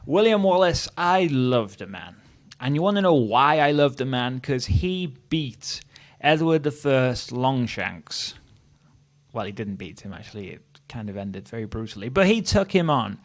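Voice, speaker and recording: A man's voice: mid-range voice, expressive, measured pace. Chatty Welsh man ranking leaders. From Wales. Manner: chatty and opinionated, thinking aloud with frequent "um"s. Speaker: history channel host. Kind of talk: casual tier-list commentary.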